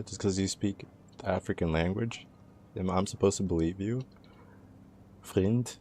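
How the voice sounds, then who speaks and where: A young man hosting a casual livestream, his voice low and gravelly with a dark, mellow tone. He teases his chat in a relaxed, playful way and laughs easily, while a faint hiss sits behind him. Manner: teasing, laid-back banter with chat, laughs often.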